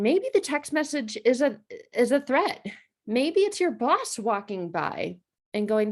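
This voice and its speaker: A woman teaching about trauma responses to camera in a conversational way, acting out inner reactions with quick changes of voice. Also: a little high, very animated. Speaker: trauma educator. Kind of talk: explanatory video lesson.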